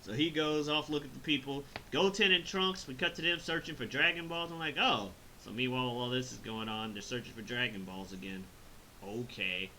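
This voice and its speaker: A man's voice: medium pitch, brisk, pushed and bright, a little hiss or hum, rough recording. A man hosting a casual review chat, rambling, swearing and laughing as he recaps the story. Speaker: host reviewing an animated film.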